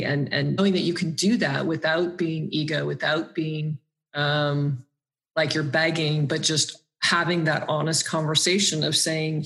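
A woman's voice: sits low, steady tone, measured pace, a bit bright. A woman guest on an interview podcast, talking earnestly and reflectively about her own experiences.

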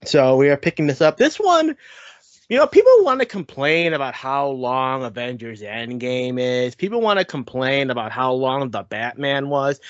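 A man's voice: medium pitch, no room sound, highs cut off. A man co-hosting a podcast in casual chat, candid and laughing often. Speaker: podcast co-host.

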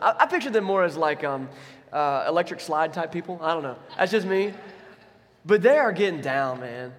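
A pastor preaching a sermon, telling the story with animation, acting out the quotes and dropping to a soft, quiet voice for emphasis. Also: male voice, fairly high pitch. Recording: long reverb of a large hall.

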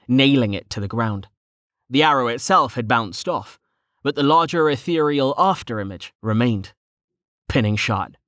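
A man's voice: mid-range voice, a bit bright, no room sound. Man narrating an audiobook, dry close voice.

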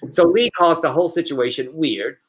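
A man's voice: fairly high pitch, moderate pace. A man co-hosting a casual news podcast, reading stories aloud and joking. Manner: reads news aloud with playful mock accent, laughs often. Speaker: podcast co-host.

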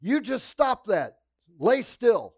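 A man's voice: very high voice, very animated, slow, voice pushed up, heavily acted. A man voicing a mean male hospital orderly who barks harsh, scolding orders. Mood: angry scolding. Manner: barking, harsh.

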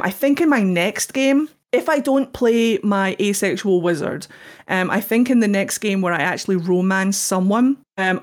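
Chatty excitable woman podcaster. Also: mid-range voice. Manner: chatty and excitable, breaks into laughter. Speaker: podcast co-host. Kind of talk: casual gaming podcast chat.

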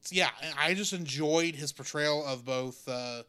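A man's voice: a little high, normal speed, sharp tone, smooth. A man co-hosting a casual movie review chat, chatty and jokey, laughing at his own asides.

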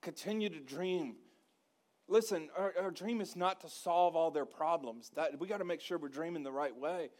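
Preaching man, high-pitched. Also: normal speed. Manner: rising to loud emphatic preaching with call-and-response; folksy, joking asides. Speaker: pastor. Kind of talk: sermon.

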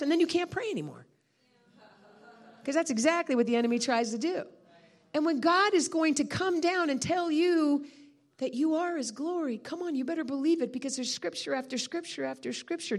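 Woman preacher, animated storytelling voice, highish and very expressive; sermon delivery. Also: a little fast. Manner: animated storytelling, laughing and shouting. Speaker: guest speaker preacher.

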